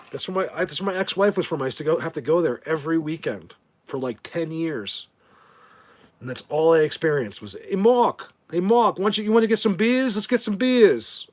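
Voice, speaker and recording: Middle aged guy rambling on a live stream, husky voice, lots of restarts and jokes. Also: medium pitch. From New Jersey. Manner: rambling, joking, many restarts. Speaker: live video host. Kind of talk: casual rambling live chat.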